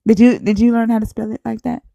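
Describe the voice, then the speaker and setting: A woman with a Southern accent hosting a live stream, chatting casually, shouting out viewers and laughing often. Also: on the high side, little pitch movement, fast talker, creaky, no room sound.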